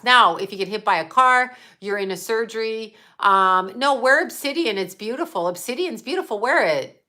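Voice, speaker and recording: A woman's voice: mid-range voice, sharp tone. A middle-aged woman, a psychic medium, talking off the cuff to her viewers in a blunt, emphatic way, swearing freely. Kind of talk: casual livestream monologue.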